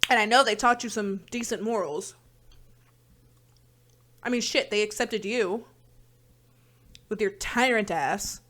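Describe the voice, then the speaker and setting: A woman's voice: medium pitch, measured pace, pauses often, a bit bright. A woman hosting a reaction video, talking in blunt, profane, exasperated rants. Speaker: reaction channel host. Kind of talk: casual reaction commentary.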